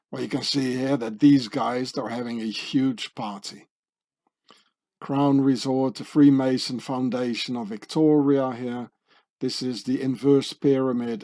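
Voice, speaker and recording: A man with a mellow, medium-pitched voice hosts his own channel, commenting on images on a shared screen. His manner is sardonic and conspiratorial, and he often tags his remarks with questions.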